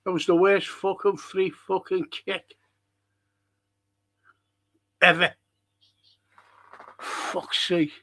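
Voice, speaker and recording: This Scouse man from Liverpool streams a watch-along in a bright, high voice at a slow pace. Sweary and excitable, he heckles the players while giving live match commentary and reading the chat.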